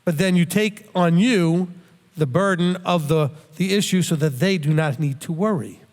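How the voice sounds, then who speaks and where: A middle-aged man with a fairly high voice, teaching scripture in an earnest, conversational way. He is plain-spoken and often restarts or repeats a word as he works out his thought. His voice rings with a long reverb, as if recorded in a hall. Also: moderate pace, darkish tone. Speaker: Bible teacher.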